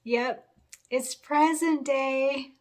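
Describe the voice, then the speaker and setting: A woman's voice: high voice, very slow. A woman hosting a sewing channel, gushing and laughing as she unboxes a sponsor's package. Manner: gushing, excited, laughs often. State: a little choked up. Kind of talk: unboxing vlog.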